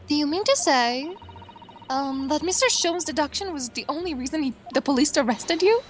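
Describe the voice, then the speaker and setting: A woman reading game dialogue as a gentle young Japanese assistant, proper and soft-spoken. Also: high-pitched, expressive, normal speed, slight background noise.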